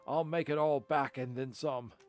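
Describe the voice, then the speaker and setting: A man's voice: mid-range voice, steady tone, normal speed, soft background music, lightly acted. A man voicing a shifty tea stall vendor, reading the lines aloud with a salesman's patter. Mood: salesy.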